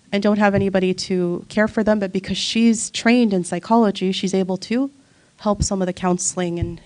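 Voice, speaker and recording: A woman's voice: mid-range voice, a little mellow. A woman teaching a religious study circle, telling a moving story in a heartfelt way, close to tears. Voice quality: voice breaks near tears. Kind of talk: emotional religious talk.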